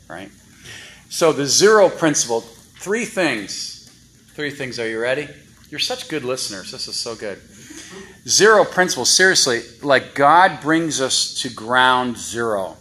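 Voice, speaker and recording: A man's voice: mid-range voice, sing-song, unhurried, pushed and bright, rough recording. A man preaching a sermon in a church, chatty and full of rhetorical questions to the congregation. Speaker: guest preacher. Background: congregation responses.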